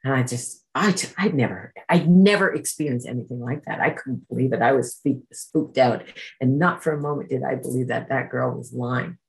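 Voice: mid-range voice, normal speed, vocal fry, poor audio. A speaker from Canada gives an emotional personal testimony at a recovery meeting, acting out remembered voices while telling the story.

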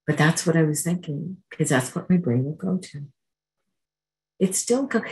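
A woman's voice: sits low, normal speed, pauses often, a little mellow, poor audio. A woman sharing her personal recovery story at a meeting, earnest and conversational, acting out the exchanges she describes.

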